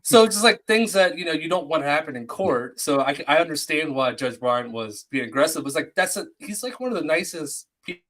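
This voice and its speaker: A man's voice: on the high side, expressive, brisk, hardly any pauses, fairly bright tone. Easygoing male stream host. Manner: easygoing, thanks viewers and chats with guests. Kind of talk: casual chat.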